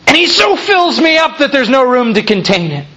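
Lively high-voiced male preacher. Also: moderate pace. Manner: emphatic, rhetorical questions, builds to fervent peaks. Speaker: pastor. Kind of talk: sermon.

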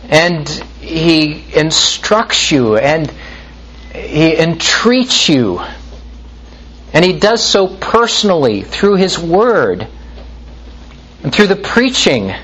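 A man's voice: a little high, a bit bright, husky, rough recording. A man preaching a sermon in an earnest, exhorting manner, sometimes restarting his phrases.

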